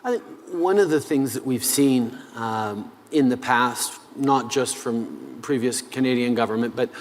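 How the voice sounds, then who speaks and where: Measured man pausing on "uh"s. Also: mid-range voice, big-room sound, slight background noise. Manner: measured, with frequent "uh" pauses. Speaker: head of government being interviewed. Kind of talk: interview answers.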